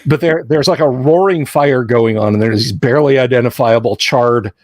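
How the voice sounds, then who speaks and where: A man's voice: mid-range voice, moderate pace, darkish tone, dry recording, clean studio sound. A middle-aged American man hosting a casual live-stream chat, telling rambling stories full of asides and restarts. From United States. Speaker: podcast host.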